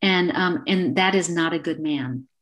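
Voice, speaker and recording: A woman's voice: on the low side, unhurried, fairly bright tone. Earnest middle-aged woman, podcast guest. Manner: earnest, acts out little quoted exchanges. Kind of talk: casual interview talk.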